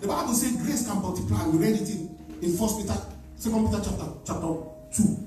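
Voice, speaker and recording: A man's voice: sits high, fast talker, dark tone, slight background noise. A man preaching as a bishop, delivering a fervent sermon and leading his congregation in prayer, at times praying in tongues. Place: church sanctuary. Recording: echoey church hall, mic far off, music.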